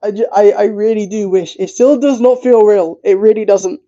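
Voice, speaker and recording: A tearful man talks on a stream in a halting way, stumbling and repeating words and swearing now and then. His voice is high and very dark, and he speaks slowly. The audio is dull and lo-fi. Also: steady tone. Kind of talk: emotional livestream talk.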